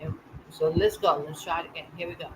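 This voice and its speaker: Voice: medium pitch, steady tone, fast talker, a bit bright, slight background noise, poor audio. Urgent live-stream host. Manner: urgent, repetitive exhorting. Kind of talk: live news commentary.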